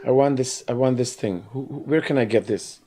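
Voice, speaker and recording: Amid a noisy background, a mid-range-voiced man with a Guyanese Creole accent talks fairly quickly on his live stream. He goes off on animated rants and laughs in bursts as his commentary rambles.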